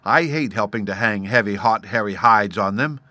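A man reading a storybook and voicing an excitable little cave girl, eager and breathless as her excitement rises. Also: on the low side, normal speed, no echo. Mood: fretful.

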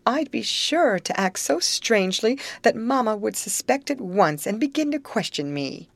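A woman's voice: low-pitched, expressive, a little slow, no echo. A woman reading as a plaintive, anxious girl. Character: young woman, an anxious, fretful daughter.

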